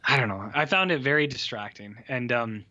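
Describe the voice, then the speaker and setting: A man's voice: medium pitch, expressive, fairly quick, bright, forceful tone, highs cut off. A man co-hosting a podcast, rambling and sweary as he sarcastically reviews a film in casual chat. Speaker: podcast co-host.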